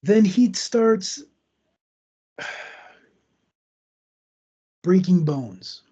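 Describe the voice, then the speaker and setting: A man tells a true crime story in a loose, conversational way, adding asides as he goes. His voice is fairly high for a man, yet dark and husky with a gravelly edge. The recording sounds dull and lo-fi. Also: lively intonation, very slow. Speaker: podcast host.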